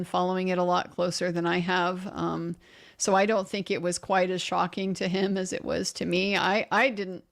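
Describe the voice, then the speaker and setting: A woman hosts a casual livestream on legal news. She reads viewer comments aloud, then answers them in a loose, opinionated way, often restarting her sentences. Her voice sits at an ordinary middle pitch. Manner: conversational, many restarts and fillers, opinionated.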